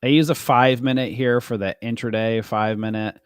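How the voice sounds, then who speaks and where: A man's voice: mid-range voice, fairly even intonation, normal speed, clear, resonant tone, no echo, studio quality. A man hosting a live day trading stream, explaining his charts casually with loose, rambling asides and fillers to his viewers.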